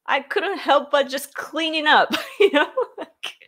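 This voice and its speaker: A Japanese woman with a Japanese accent hosts a casual livestream chat from a room at home, her voice high-pitched, unhurried and fairly bright. She's chatty and giggly, laughs often, leans heavily on "like" as filler, and reads out comments.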